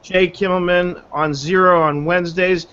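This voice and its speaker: A man's voice: high-pitched, steady tone, moderate pace, a bit bright, clear, resonant tone. A man hosting a casual group video chat, joking and rambling playfully. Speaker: webinar host. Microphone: video call. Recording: dull lo-fi video call audio.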